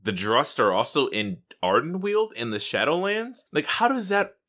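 A man co-hosting a casual gaming podcast, excitable and laughing often, swearing freely. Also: on the high side, normal speed. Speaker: podcast co-host.

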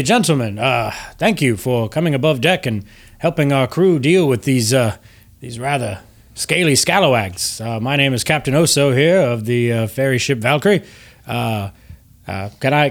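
A man voicing a fussy, formal ship captain who speaks politely and haltingly. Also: fairly high pitch.

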